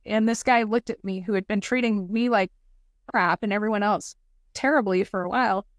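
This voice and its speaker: A woman's voice: mid-range voice, moderate pace, no echo, studio quality. A woman in her forties, a podcast guest and nonprofit founder, telling personal stories in an earnest, heartfelt way and repeating motivational phrases.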